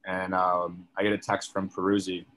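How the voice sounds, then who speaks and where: Low, flat-voiced young man telling a story. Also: moderate pace. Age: young adult. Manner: chatty, filler-heavy, leans on "like". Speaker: podcast guest. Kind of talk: casual storytelling.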